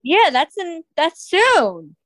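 A woman hosting a podcast in casual chat, blunt and teasing, with quick comebacks. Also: extremely high pitch, wildly swooping pitch, a bit bright, dry recording. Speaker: podcast host.

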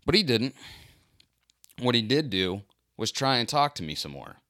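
A man tells a story from his own life in a loose, casual way, often poking fun at himself. His voice sits at an ordinary middle pitch. The sound is dry and close, with no room echo. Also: normal speed. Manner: animated, self-mocking, acts out quoted lines. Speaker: pool cleaner.

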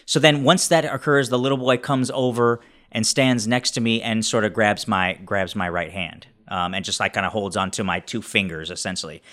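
A man playing a tabletop role-playing game, narrating his character's actions in a halting way with many restarts. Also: on the low side, fairly even intonation, fairly bright tone. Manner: halting, many restarts while describing scenes. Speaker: player.

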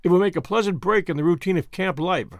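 A man voicing a grave, formal general who speaks deliberately. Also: high voice, no room sound. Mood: stern. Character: stern, measured male general, middle-aged.

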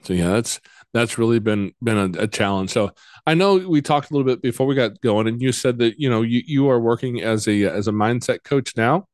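A man hosting a casual interview, talking in a relaxed, halting way and often repeating his words. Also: medium pitch, dry recording, clean studio sound. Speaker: podcast host.

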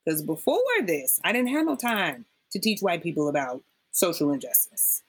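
A woman's voice: on the low side, moderate pace, slightly rough. A woman guest in a conversational interview, talking emphatically and acting out what people said to her. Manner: emphatic, animated storyteller acting out quotes. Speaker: podcast guest.

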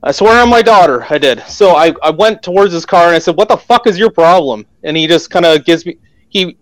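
A man's voice: on the high side, no echo. Profane Canadian man telling a story. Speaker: guest. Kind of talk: casual storytelling.

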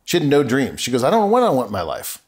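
Speaking rapid-fire with big swings in his medium-pitched voice, a middle-aged man appears as a podcast guest. He earnestly recounts a personal story, performing the dialogue he remembers.

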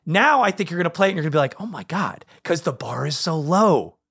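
Male co-host, lively pitch swings, rambling excited chatter. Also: quick pace, creaky, slightly rough. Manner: excitable, rambling, voice jumping up when animated. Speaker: podcast co-host. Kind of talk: casual chat.

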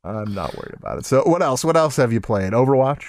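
A man co-hosting a casual gaming podcast, laughing often and acting out quotes in a lively voice. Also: mid-range voice, fast talker, vocal fry, dry recording, studio quality. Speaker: podcast co-host.

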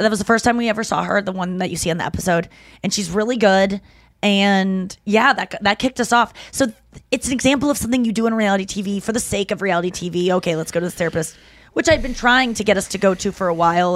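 A woman's voice: mid-range voice, quick pace, dry recording, clean studio sound. A woman in her thirties hosting a podcast, telling stories in casual chat and acting out the people she quotes. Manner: animated storytelling, acting out quotes. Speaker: podcast host.

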